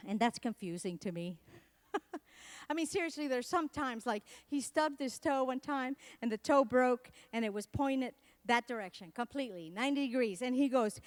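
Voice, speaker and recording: A middle-aged woman from Latin America giving a comedic keynote talk, telling animated stories and acting out the people she quotes. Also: on the high side, normal speed. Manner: animated storytelling, acts out quotes. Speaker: keynote speaker.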